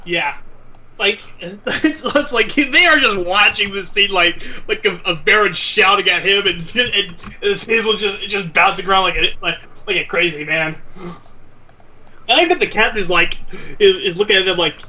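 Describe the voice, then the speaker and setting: A man's voice: sits high, moderate pace, sharp tone, poor audio. A man running a tabletop game as game master, rambling with many restarts.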